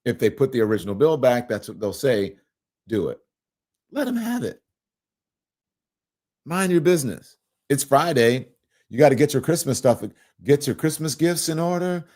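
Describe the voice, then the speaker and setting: A man's voice: mid-range voice, animated, normal speed, darkish tone. A man hosting a live political talk show, talking casually and animatedly, laughing often and reading viewer comments aloud. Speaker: host.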